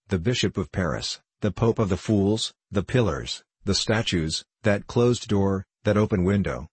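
A man narrating an audiobook in a measured, evenly paced reading. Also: low-pitched, husky, no room sound.

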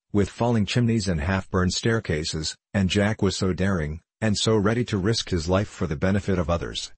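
A man narrating an audiobook in a measured, even reading. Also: low voice, breathy edge, no room sound.

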